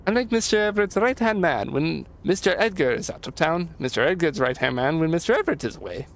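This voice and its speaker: A man's voice: a little high, expressive, quick pace. A man voicing a cheerful, chatty male dockworker with a put-on Irish accent and an eager, repetitive, folksy manner. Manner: folksy, repeats himself eagerly. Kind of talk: reading game dialogue aloud in voices.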